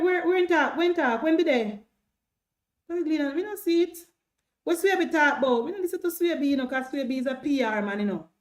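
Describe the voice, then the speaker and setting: A Jamaican woman with a fairly high voice hosts a political livestream, talking straight to her viewers. She is defiant and repeats herself for emphasis in broad Patois. She speaks in a loose, animated way. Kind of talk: casual political livestream talk.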